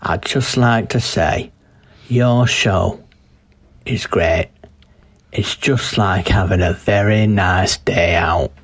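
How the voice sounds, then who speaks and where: A solemn pop crooner drawls out a greeting in a deep voice, as a man impersonates him. He speaks slowly and deadpan, as if every word were important. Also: heavily acted. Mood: earnest. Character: smooth pop crooner, middle-aged man, earnest.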